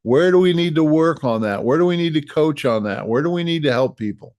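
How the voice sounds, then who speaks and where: A man's voice: a little high, expressive, fairly quick, darkish tone, dry recording, clean studio sound. A middle-aged man giving a coaching talk on leadership, earnest and given to repeating and restarting his phrases. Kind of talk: direct-to-camera coaching talk.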